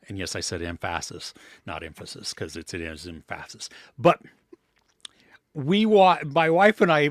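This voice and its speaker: A man co-hosting a live movie chat, blunt and animated when he dislikes a film. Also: medium pitch, no echo, clean studio sound. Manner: blunt, animated when ranting about films. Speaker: movie podcast co-host.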